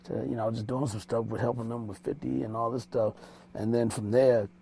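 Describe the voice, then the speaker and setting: A man's voice: medium pitch, steady tone, a little fast, creaky, mellow, a little hiss or hum. A man, a music producer and mix engineer, telling stories in a casual interview in a small studio room, loose and rambling, with street slang and restarts.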